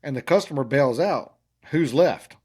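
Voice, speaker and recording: A man's voice: medium pitch, lively intonation, moderate pace, darkish tone, breathy edge. A middle-aged man, talking casually on a podcast with a rambling, restarting manner. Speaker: podcast co-host. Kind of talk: casual chat.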